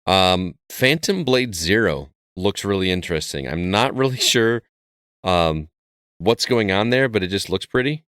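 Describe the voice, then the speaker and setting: A man's voice: deep voice, animated, measured pace, fairly bright tone, smooth, dry recording, studio quality. A man co-hosting a gaming podcast, steering the casual chat in an easygoing way. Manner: easygoing, leads the talk. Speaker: podcast co-host.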